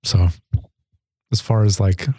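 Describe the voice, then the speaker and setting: A man's voice: on the low side, fairly even intonation, slow, warm tone, no room sound, clean studio sound. A man, a podcast guest, telling personal stories in an earnest, chatty way with frequent laughs. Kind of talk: casual storytelling.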